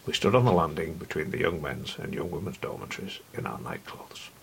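A man narrating a first-person story with a low, gravelly voice. His delivery is wry and intimate, with wide swings in pitch and frequent drops to a whisper. A faint hiss runs under the recording. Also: lively intonation, a little fast.

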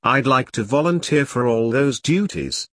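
A man's voice: medium pitch, moderate pace, a bit bright, no room sound, natural voice. Guy reading eager old corporal, formal, dry sound. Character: eager, overkeen older male corporal.

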